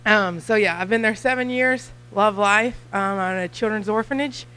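A young woman with a Kentucky accent giving a church mission talk, chatty and nervous, talking fast. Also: medium pitch, sharp tone, smooth, low-quality recording. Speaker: missionary guest speaker.

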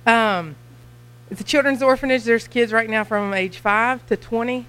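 A young woman from Kentucky with her accent intact, speaking at a church about her mission work. Her voice sits high and sounds bright and crisp. She rattles along quickly and nervously, chatty and prone to laughing. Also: poor audio.

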